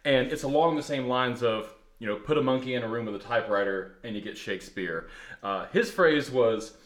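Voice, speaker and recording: A man from the US Deep South hosting a podcast, laughing, rambling and self-mocking as he introduces a play reading. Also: a little fast. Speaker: podcast host. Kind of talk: casual chat and play introduction. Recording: roomy echo.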